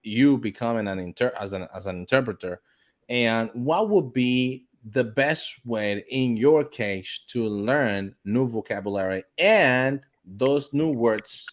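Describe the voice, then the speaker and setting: Relaxed male host asking questions. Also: mid-range voice, takes it slowly. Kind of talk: casual interview questions.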